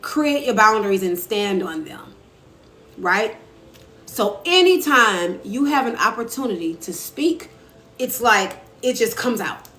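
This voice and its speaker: A woman's voice: medium pitch, sing-song, a little slow, fairly bright tone. A young woman talking casually to viewers on a live stream, answering their comments as she goes. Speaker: author and live-stream host. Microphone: phone. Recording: echoey room with faint ambient noise.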